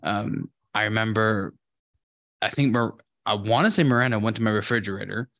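A man's voice: fairly low pitch, fairly even intonation, a little fast, vocal fry, a bit bright, dry recording, studio quality. A young man on a podcast, telling a rambling story full of filler words and swearing. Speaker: podcast co-host. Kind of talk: casual podcast chat.

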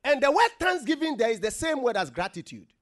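A man's voice: extremely high pitch, sing-song, a little fast, a bit bright. A man preaching a sermon, emphatic and full of questions to the congregation, getting them to repeat words after him.

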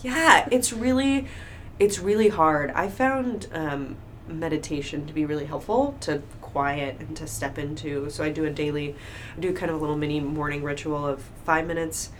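Woman w a low voice chatting, animated storyteller, bit of faint hiss behind. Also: moderate pace. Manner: open, animated storytelling with acted-out quotes. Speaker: guest. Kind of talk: casual conversational interview. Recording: faint background noise.

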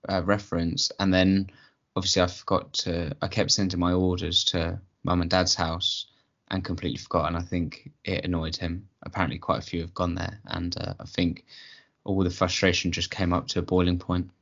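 A man on a comedy podcast, hesitant and sheepish, pitching his case. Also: level tone, brisk, creaky, fairly bright tone. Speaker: podcast co-host. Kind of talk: comic podcast banter. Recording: slightly dull lo-fi.

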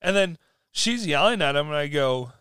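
A man telling stories in casual conversation, animated and laughing often. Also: on the high side, moderate pace, smooth, no room sound.

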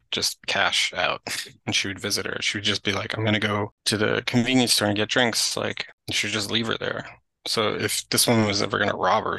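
A young man of Greek family background, appearing as a podcast guest, speaks in a lowish, gravelly voice on a rough recording with no room sound. He tells the story of caring for his mother in a chatty, animated way, saying "like" a lot.

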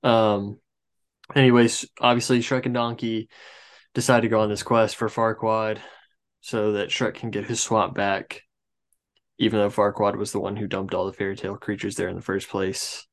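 Podcast co-host, male, lowish voice, relaxed rambling movie chat. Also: normal speed. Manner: relaxed, rambling with trivia asides. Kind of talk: casual movie review chat.

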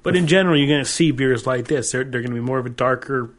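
A man's voice: medium pitch, flat delivery, quick pace. A man co-hosting a podcast, chatting playfully about beer and chuckling often. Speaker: podcast co-host. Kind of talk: casual beer-tasting chat.

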